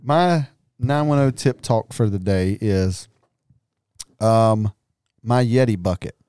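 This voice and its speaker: A man with a drawl talks hunting gear in an easygoing, rambling way. His voice is smooth and clean, recorded close and dry with no room sound. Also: lowish voice, takes it slowly, warm tone, no room sound. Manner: laid-back, rambling, laughs often. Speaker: podcast co-host. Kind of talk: casual chat.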